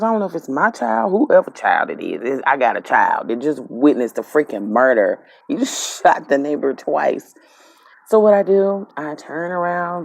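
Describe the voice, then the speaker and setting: A Southern woman from Mississippi spins a dream story in loose, animated dialect. Her voice sits low with a gravelly fry. The sound is close and dry, with no room around it. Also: no echo. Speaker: spiritual vlogger. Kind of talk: casual storytelling.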